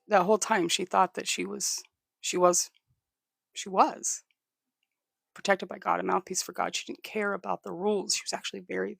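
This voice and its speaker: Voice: medium pitch, vocal fry, fairly bright tone, no room sound, studio quality. A livestream host telling a history story in a casual way, often stopping to repeat or restart words and to thank viewers.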